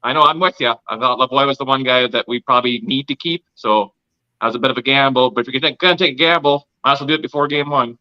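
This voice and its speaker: A man talks fast in a very bright, sharp voice as a podcast guest. The sound is dull and lo-fi, as if through a weaker mic. He explains things and thinks aloud as he goes. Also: medium pitch. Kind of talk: casual podcast chat.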